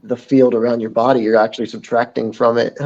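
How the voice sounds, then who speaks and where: A man as a guest in a casual interview chat, speaking in a reflective, unhurried way with many fillers. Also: medium pitch, flat delivery, a little mellow. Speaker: podcast guest. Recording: dull lo-fi audio.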